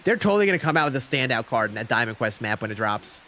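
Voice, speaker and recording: A man's voice: mid-range voice, sing-song, quick pace, bright, forceful tone, slight background noise. A young man chatting casually on a live game stream, rambling with lots of fillers as he answers chat.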